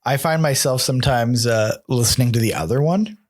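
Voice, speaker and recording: A man in his thirties hosts a relaxed podcast conversation, his voice sitting at an ordinary middle pitch. He keeps things loose and playful, cracking jokes and laughing along with his guest. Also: brisk. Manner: laid-back, jokey, laughs often. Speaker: podcast host. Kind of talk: casual podcast chat.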